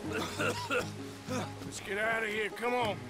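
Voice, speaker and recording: An actor playing a rough, cursing outlaw man in a western video game. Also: very high voice, extremely slow, over loud music, heavily acted. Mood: urgent. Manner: gruff, cursing, hostile.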